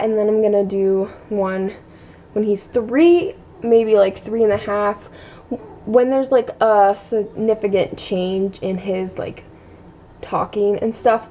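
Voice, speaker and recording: For her family vlog, a young woman chats casually at home, rambling with plenty of fillers and now and then dropping to a whisper. Her voice is mid-range and warm, with slight background noise.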